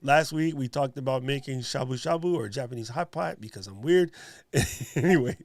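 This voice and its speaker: A man's voice: mid-range voice, moderate pace, no echo. A man hosting a livestream in a casual, joking way. He laughs often as he thanks his guest and talks to viewers. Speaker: livestream host.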